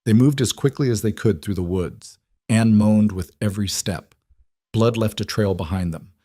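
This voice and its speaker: A man narrates a frontier tale in a calm, measured way. His voice sits low, and it sounds close and dry, with no room around it. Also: no room sound. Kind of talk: scripted storytelling narration.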